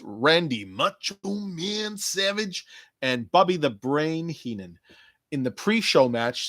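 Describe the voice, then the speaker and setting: A man's voice: mid-range voice, fairly bright tone, no room sound. A man hosting a casual solo podcast, rambling and joking with plenty of swearing, talking to listeners who aren't there. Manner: profane, jokey, talks to imagined listeners. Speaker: podcast host.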